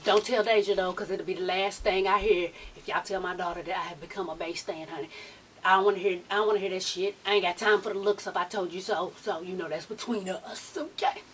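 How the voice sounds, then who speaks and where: A middle-aged woman vlogger in casual chat, talking in an animated, sassy, profane way, a little off the mic. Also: on the low side, fast, recorded from a distance, a little hiss or hum.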